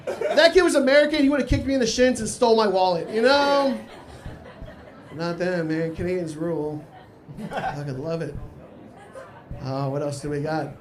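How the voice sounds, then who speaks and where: A man from Texas doing a live stand-up set at a small cafe, talking in a dry, conversational way with crude asides. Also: very high-pitched. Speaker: stand-up comedian.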